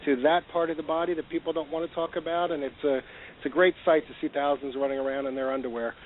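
An earnest man speaks as a charity guest, his voice sitting a little high. He spells out details carefully. The sound is narrow and phone-like. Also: steady tone, slight background noise. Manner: earnest, promotional, spells things out slowly. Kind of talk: talk show guest. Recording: tinny phone line.

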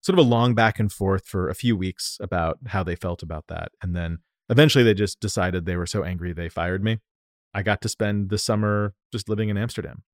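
A man from the United States, a company founder, telling stories in an animated, lively way during a casual interview. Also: low voice, fairly quick, no room sound, clean studio sound. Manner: animated, lively storyteller who acts out quotes.

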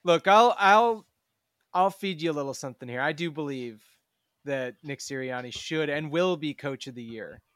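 A man's voice: fairly high pitch, moderate pace, a bit bright, dry recording, studio quality. A man co-hosting a sports podcast, teasing and wry. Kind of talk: casual chat.

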